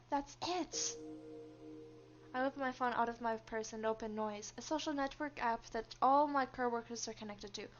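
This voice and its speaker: A woman's voice: high voice, dull audio, slight background noise. A young woman streaming a game, reading its story lines aloud and chatting with viewers between them, laughing often.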